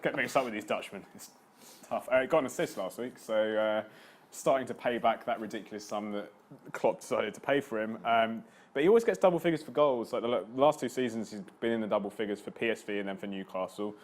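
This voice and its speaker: A man's voice: on the low side, a little fast. A man speaking casually as a sports panelist, sometimes correcting himself. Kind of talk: panel discussion.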